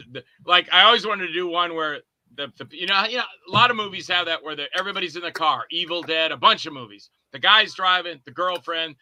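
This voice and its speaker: A man's voice: a little high, bright, forceful tone, no room sound, poor audio. A man guesting on a podcast, a filmmaker telling rambling anecdotes about his movies and acting out scenes in character voices. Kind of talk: casual anecdotes.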